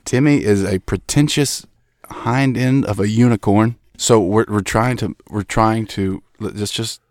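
A man hosting a comedic podcast from a small closet, exasperated and pleading for everyone to calm down. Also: fairly low pitch, a little slow, no room sound, studio quality. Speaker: podcast host. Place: small hot broom closet.

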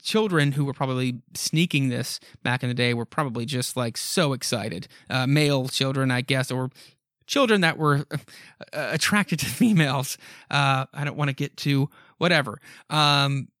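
Male podcast host, mid-pitch, dry close-mic sound, loose rambling recap delivery. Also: moderate pace, fairly bright tone, no room sound. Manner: rambling, frequent ums and asides. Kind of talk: casual comic book recap.

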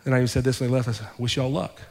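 Gravelly and very fast, a man's mid-range voice rings through a church sanctuary's big-room sound. He's a pastor animatedly recounting a sermon story, performing the quoted dialogue.

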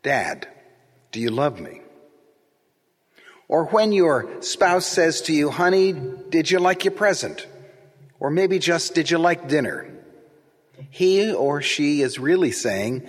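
A man gives a sermon at an unhurried, deliberate pace. His voice is a little husky, and his words ring out with a long reverb through the church. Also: on the high side, animated. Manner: slow, reflective, gentle delivery. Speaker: preacher.

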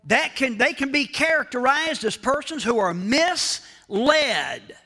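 A man preaching a sermon as pastor, slow and emphatic, repeating key phrases and speaking straight to the congregation. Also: extremely high pitch, big pitch swings, bright, forceful tone. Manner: addresses the congregation directly.

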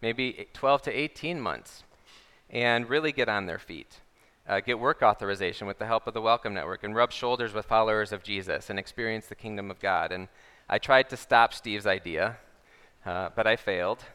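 A man's voice: fairly low pitch, moderate pace, pushed and bright, smooth, big-room sound. A man earnestly presenting and explaining a church program for families. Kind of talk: video presentation.

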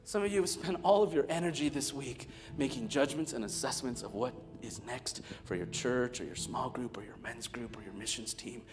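A man in his thirties preaching a sermon as pastor, swinging from loud emphatic lines to near whispers, telling stories with humor. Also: mid-range voice, normal speed, few pauses. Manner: storytelling with humor. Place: large church hall. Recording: reverberant church hall with soft guitar.

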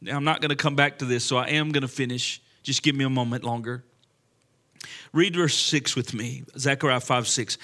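A man's voice: medium pitch, steady tone, normal speed, sharp tone. A man preaching a sermon with impassioned delivery and frequent restarts. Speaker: pastor.

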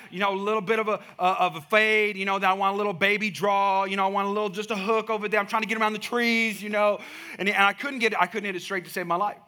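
A man preaching a sermon, telling a lively personal story and building to emphatic, rising points. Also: high voice. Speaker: pastor.

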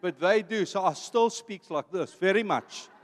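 A man's voice: sits high, moderate pace, in a large hall. A man in his fifties from South Africa with an Afrikaans accent, a pastor talking emphatically to his church. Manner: emphatic, preacherly, with repeated phrases. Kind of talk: talk to a church audience.

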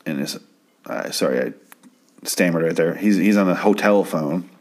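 A man's voice: low-pitched, moderate pace, darkish tone. A man casually recapping a TV episode at home, rambling and stammering with plenty of swearing. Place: home at night.

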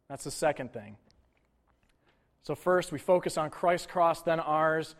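A man preaching a sermon in a conversational way, with casual asides and quick mock voices. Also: on the high side. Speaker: pastor.

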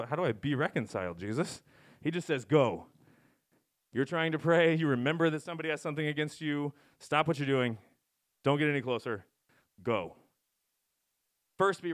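A man preaching a casual, conversational sermon, rambling and self-interrupting with wry asides and animated swings. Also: mid-range voice. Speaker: pastor.

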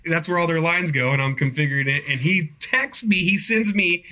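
A man's voice: a little high, fairly quick, pushed and bright. A young man telling a rambling, profane work story in a casual podcast chat.

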